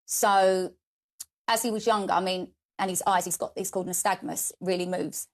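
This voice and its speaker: A young woman telling candid family stories as a podcast guest, animated and chatty. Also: fairly low pitch, normal speed. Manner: chatty, animated, quotes people in lively voices. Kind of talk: candid storytelling conversation.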